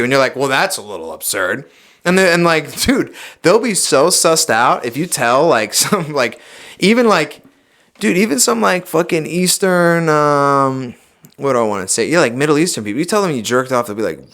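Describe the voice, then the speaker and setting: A young man on a podcast, talking in a loud, preachy, emphatic way and swearing freely in casual chat. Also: a little high, sing-song, normal speed. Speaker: podcast guest.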